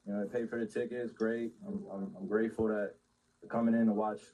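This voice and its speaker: Low, mellow-voiced man at a press conference. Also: level tone, muffled recording, a little hiss or hum. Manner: measured, hesitant, fillers. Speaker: professional athlete at press conference. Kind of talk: post-game press conference.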